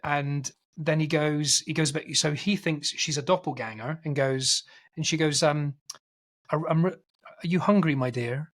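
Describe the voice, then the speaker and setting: A man co-hosting a film podcast, casually retelling a film's plot in a rambling, animated way and acting out quotes. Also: on the high side, measured pace. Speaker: podcast co-host.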